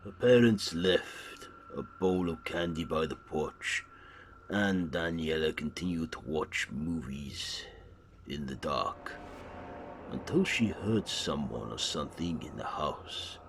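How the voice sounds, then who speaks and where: Very deep-voiced man retelling a horror plot. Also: expressive, slow pace, a little hiss or hum. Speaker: horror channel host.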